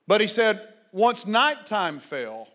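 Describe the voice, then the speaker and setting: Male pastor, high pitch, fervent sermon delivery with shouted peaks. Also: very animated, takes it slowly. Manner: fervent, rising to shouted exhortations, then quiet storytelling.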